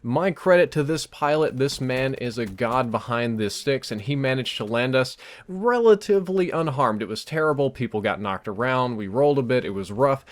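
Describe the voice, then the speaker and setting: A young man casually retelling a strange dream over game footage, animated and rambling, with fillers and restarts. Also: medium pitch, normal speed, hardly any pauses. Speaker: gaming YouTuber. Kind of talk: casual storytelling over gameplay.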